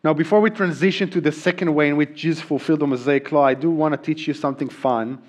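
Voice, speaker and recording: A man's voice: on the high side, fairly even intonation, fast talker. A middle-aged man from Israel, a native Hebrew speaker with an Israeli accent, preaching a sermon in an earnest way with frequent ums and restarts. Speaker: pastor.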